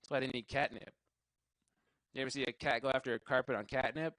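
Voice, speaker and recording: A man's voice: medium pitch, steady tone, fast talker, fairly bright tone, no room sound, rough recording. A young man doing a stand-up comedy set, rambling, cursing freely and laughing at his own jokes. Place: live show venue.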